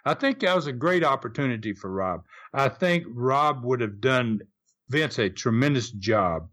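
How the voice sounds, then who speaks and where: A man's voice: medium pitch, lively intonation, normal speed, a bit bright. An older man with a Southern US accent, a retired wrestling promoter, telling stories in a casual interview in a rambling, folksy way with many restarts.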